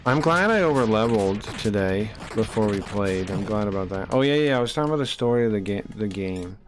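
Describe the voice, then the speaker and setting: A man's voice: fairly low pitch, animated, fairly quick, soft background music. A man streaming a game, chatting casually in a loose, rambling, profane way. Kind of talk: casual live-stream chat while playing.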